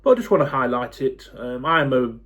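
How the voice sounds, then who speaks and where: A man in his forties, talking to camera in a blunt, fed-up rant, swearing freely and pausing on lots of ums. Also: mid-range voice, big pitch swings, fairly bright tone. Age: 40s. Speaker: football fan YouTuber.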